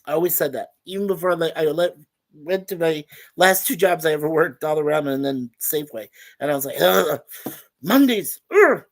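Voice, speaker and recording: A man's voice: on the high side, steady tone, brisk. An older man from Canada hosting a casual home livestream, chatting loosely and chuckling often as he reads viewer comments. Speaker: host.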